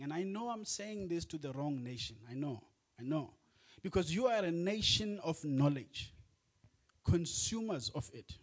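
A man delivers a sermon from the pulpit through a church microphone. His voice sits high for a man. He speaks earnestly and swells into loud, emphatic declarations. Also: breathy edge. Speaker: preacher. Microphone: microphone on a church sound system.

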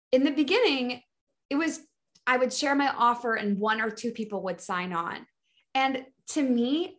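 A woman speaks as a business coach, her voice sitting at an ordinary middle pitch. She talks with eager, emphatic enthusiasm, restarting her phrases as she pushes a motivational message. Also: fairly bright tone. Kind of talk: motivational solo talk.

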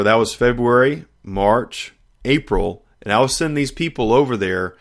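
A middle-aged man with a mid-range voice hosts a faith podcast, sharing a personal testimony. He tells it in an animated storytelling style, laughing frequently.

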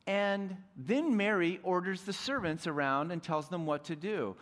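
A young adult man preaching a sermon as pastor, animated, dropping to soft intimate tones at times. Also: high-pitched, measured pace.

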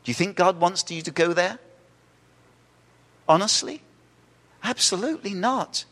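A male pastor preaching a sermon, animated, acting out quoted voices and asking the congregation questions. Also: on the high side, normal speed, pauses often. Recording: reverberant church hall.

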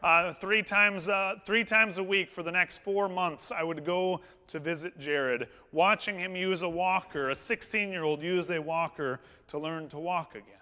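A man's voice: sits high, steady tone, moderate pace, few pauses, sharp tone. A male pastor telling a story in his sermon in a conversational, anecdotal way, with touches of humor. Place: church sanctuary. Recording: long hall reverb in a church.

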